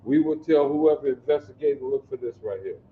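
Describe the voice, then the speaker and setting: A man from Detroit teaching a basic Hebrew class, drilling pronunciation slowly and coaxing the class to answer. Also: mid-range voice, slight background noise. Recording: echoey room, distant dull mic.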